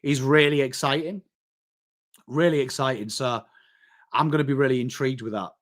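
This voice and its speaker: A man's voice: medium pitch, steady tone, moderate pace, a bit bright. An English man hosting a casual live stream, chatting with viewers and calling them mate. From England. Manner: chatty, banters with chat, calls people mate. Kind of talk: casual live-stream commentary reading chat.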